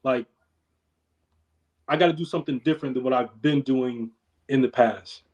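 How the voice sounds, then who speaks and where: A young man, a podcast guest, in casual chat, telling stories in a laid-back, slangy way that trails off quietly. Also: mid-range voice, moderate pace, highs cut off.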